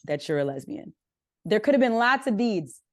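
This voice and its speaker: A young Southern California woman with a mid-range voice speaks at normal speed, recorded with clean studio sound and no room noise. As a podcast guest in a casual interview, she tells candid stories in an animated way, acting out her family members' lines.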